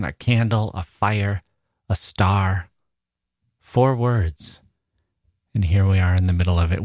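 A man's voice: lowish voice, dry recording, clean studio sound. A man hosting a literary podcast, talking with enthusiasm about a poem and reading lines aloud with emphasis. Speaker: podcast host.

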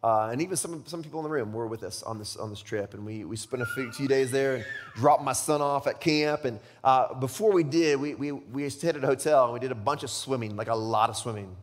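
A man's voice: mid-range voice, fairly quick, in a large hall. A pastor in his thirties preaching a sermon in a conversational way, repeating words and asking rhetorical questions.

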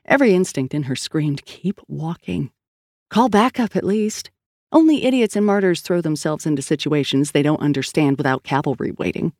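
A man narrates a story in a steady, scripted reading voice. His tone sits a little high and carries a gravelly grain. He is recorded close on a studio mic in a dry, dead room. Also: no echo. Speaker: audiobook narrator.

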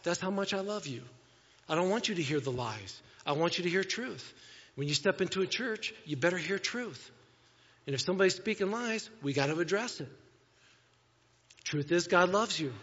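A man's voice: high-pitched, fairly bright tone, lo-fi sound. Conversational man preaching in a reverberant church. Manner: conversational, self-deprecating preaching with scripture reading. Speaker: pastor. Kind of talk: sermon. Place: church sanctuary.

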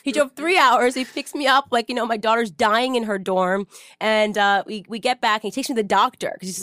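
A woman hosting a podcast, telling a personal story in casual, animated interview chat with many fillers. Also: mid-range voice, quick pace, no echo, clean studio sound. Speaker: podcast host.

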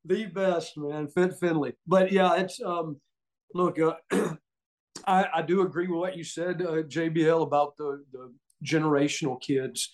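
Unhurried and fairly high-pitched, the middle-aged Southern man recounts casual stories as a podcast guest who used to wrestle. He animates each tale by acting out quotes, with frequent laughter.

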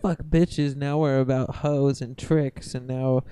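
A man's voice: mid-range voice, steady tone, slow pace, mellow, a little hiss or hum. A young man co-hosting a podcast in casual chat, joking around with goofy wordplay and laughing often. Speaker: podcast co-host.

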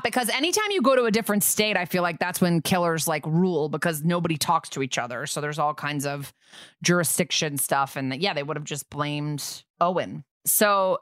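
A young adult woman co-hosting a podcast, chatting casually and recapping a TV episode in a lively storytelling way, acting out the characters' lines. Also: sits low, no echo, studio quality. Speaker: podcast co-host.

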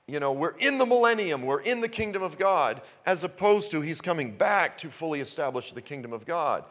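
A man's voice: fairly high pitch, expressive, brisk, a bit bright. A man preaching a sermon, conversational at first and building to passionate emphasis. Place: church. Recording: long reverb in a church hall.

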